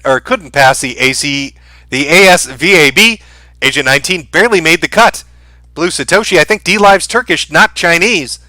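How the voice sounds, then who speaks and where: A man's voice: on the high side, bright, forceful tone, no echo. A man hosting a livestream, reading out viewer donation messages and answering each with dry, sarcastic remarks. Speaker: livestream host.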